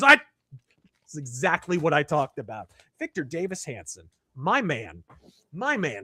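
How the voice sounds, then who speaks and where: A male streamer with a noticeably high voice reads chat and news aloud and fires back blunt, profane, wry remarks. The sound is close and dry, with almost no room around it. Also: big pitch swings, unhurried, pushed and bright, no room sound. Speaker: streamer host. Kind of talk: livestream commentary, reading chat and articles aloud.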